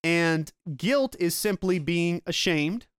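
A man preaching a sermon in an earnest, explanatory way, slowing down to stress his key points, a parent himself. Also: fairly high pitch, clean tone, no room sound, clean studio sound. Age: adult with children. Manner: earnest, explanatory, slows down for emphasis. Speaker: pastor.

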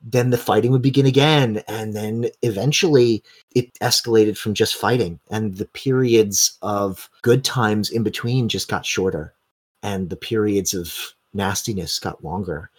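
A man narrates a tabletop game as its game master. His voice has a husky, breathy grain. He tells the scene in long, vivid run-on strings of detail. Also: fairly low pitch.

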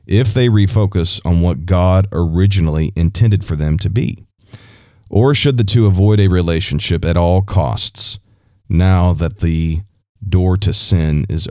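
Low, warm, and a little slow, this Christian advice podcaster takes a listener's question, preaching conversationally and often saying "you know" or starting over. The recording is dry and studio quality.

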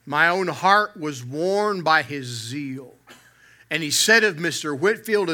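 A man's voice: a little high, sing-song, takes it slowly, pauses often, pushed and bright. A man preaching a sermon from the pulpit, mixing humor with earnest emphasis that swells and drops. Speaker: pastor.

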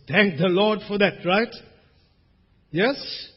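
A man preaching a sermon as pastor, swinging between loud emphasis and hushed asides. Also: a little high, very animated, a little slow, slightly rough. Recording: dull recording with long hall reverb.

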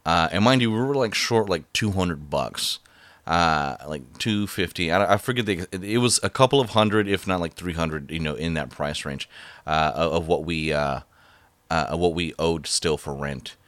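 Brief: man, very low voice, rambling casual storyteller, dry close sound. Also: fairly bright tone, no room sound. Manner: rambling, halting, many fillers and restarts.

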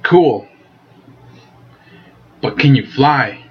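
A man's voice: mid-range voice, expressive, very slow, breathy edge, highs cut off. A man casually interviewing a friend in character, goofy, teasing and rambling. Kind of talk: casual improv chat.

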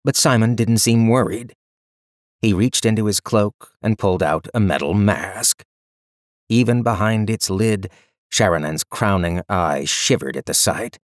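Man, storybook narration, lowish voice, dry close sound. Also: a little slow, no room sound. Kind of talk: scripted narration.

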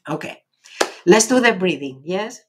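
A woman with an Argentinian Spanish accent, a native Spanish speaker, hosting a casual live stream and reading viewer comments in a gentle, encouraging way with many fillers. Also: fairly low pitch, animated, measured pace, slight background noise.

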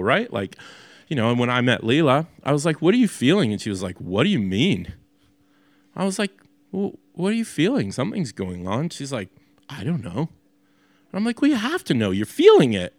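A man's voice: medium pitch, no echo. A man preaching a sermon as a pastor in a loose, conversational way, with many fillers and restarts.

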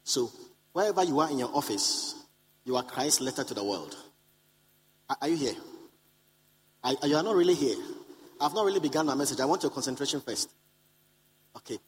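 A man's voice: mid-range voice, lively intonation, brisk, long pauses, poor audio. A man preaching a sermon to a live congregation, repeating key lines for emphasis and calling out to the listeners. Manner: calls out to the congregation. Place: conference hall.

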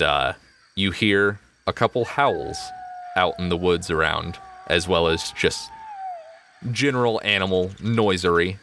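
A man narrating a tabletop game as game master, chatty and quick to laugh. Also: deep voice, bright, forceful tone, slight background noise.

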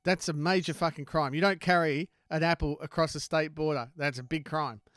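Animated man telling a yarn. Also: fairly high pitch, brisk, no room sound. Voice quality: swears freely, animated storyteller. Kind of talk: casual banter, storytelling.

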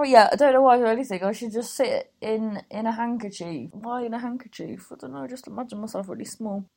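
Rambling English woman, higher voice. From Cornwall, England. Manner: rambling, swearing storyteller who goes off on tangents. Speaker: podcast host. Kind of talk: casual chat.

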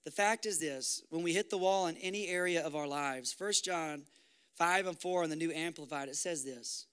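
A man preaching a sermon as pastor, impassioned and rising to loud exhortation. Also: a little high, moderate pace, smooth.

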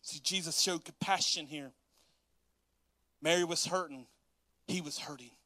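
A man preaching a sermon, walking through scripture verse by verse in a lively, animated way and acting out the quotes. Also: a little high, unhurried. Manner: animated, laughs often, acts out quotes. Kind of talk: sermon reading and explaining scripture.

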